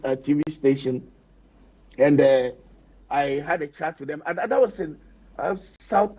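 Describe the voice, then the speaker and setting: A man with a fairly high, husky voice makes his case on a studio panel. He talks in an animated, emphatic way. The sound is dull and lo-fi. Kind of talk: panel discussion.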